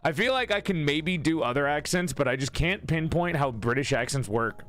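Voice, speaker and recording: A man's voice: fairly high pitch, lively intonation, moderate pace, fairly bright tone. A man streaming, chatting casually with his viewers, joking and teasing as he reads their messages aloud and answers.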